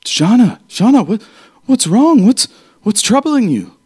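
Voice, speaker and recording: A man voicing a flustered, smitten young squire in a tabletop game, speaking high and startled. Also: sing-song, a little slow, a little mellow, slightly rough, heavily acted. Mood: worried.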